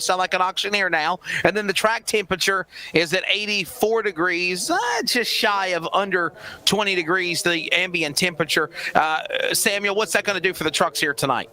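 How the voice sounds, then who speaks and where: A man doing play-by-play commentary for a sim racing broadcast, upbeat with scripted announcer patter and quick asides. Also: high voice, fairly even intonation, bright, forceful tone.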